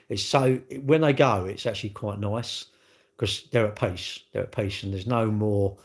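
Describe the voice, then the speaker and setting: A British man in his fifties, a used car dealer, rambling bluntly and swearing in a casual live-stream chat. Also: mid-range voice.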